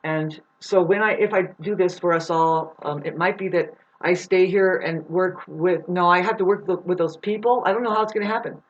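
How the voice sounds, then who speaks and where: A woman talking straight to camera in a rambling, profane monologue, restless and jumping between thoughts with sudden loud outbursts. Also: fairly low pitch, moderate pace, hardly any pauses, lo-fi sound. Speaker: vlogger. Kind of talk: rambling stream-of-consciousness monologue.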